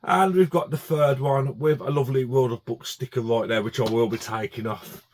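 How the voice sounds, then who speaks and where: A man's voice: medium pitch, fairly even intonation, moderate pace, a little mellow, slight background noise. A man chatting casually to camera about his DVD collection, enthusiastic and full of fillers and restarts.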